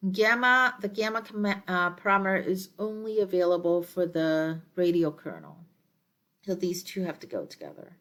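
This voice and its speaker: A woman lecturer explaining her slides in a measured way, with frequent ums and uhs as she works through each step. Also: fairly low pitch, lively intonation, fairly bright tone.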